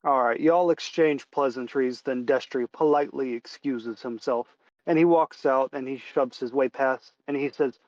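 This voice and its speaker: A man narrating a tabletop game as game master, in a relaxed way with lots of fillers. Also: mid-range voice, moderate pace, no room sound, highs cut off.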